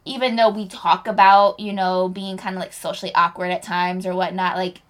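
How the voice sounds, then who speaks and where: A woman's voice: lowish voice, flat delivery, normal speed. A woman co-hosting a podcast in casual chat, telling stories animatedly, acting out quotes and laughing often. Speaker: podcast co-host.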